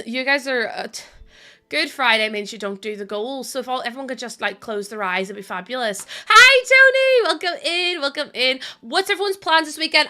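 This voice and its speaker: A woman with a Northern Irish accent chatting fast with her stream audience, tired and laughing often. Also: fairly high pitch, pushed and bright. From Northern Ireland. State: tired from lack of sleep. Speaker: live streamer. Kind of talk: casual chat with a stream audience.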